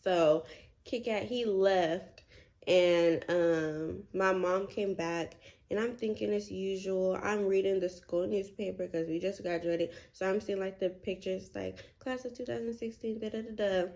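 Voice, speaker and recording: A woman in her twenties telling a story to her viewers in a vlog, animated and chatty, full of "like" and "y'all". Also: medium pitch, a little slow, vocal fry. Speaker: vlogger.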